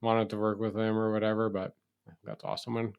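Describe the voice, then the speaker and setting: A man's voice: lowish voice, flat delivery, fairly quick, gravelly, clean tone, narrow, tinny audio. A man co-hosting a podcast in casual chat, talkative, swearing offhandedly and packing his sentences with "like". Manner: chatty, swears, many "like" fillers. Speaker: podcast co-host.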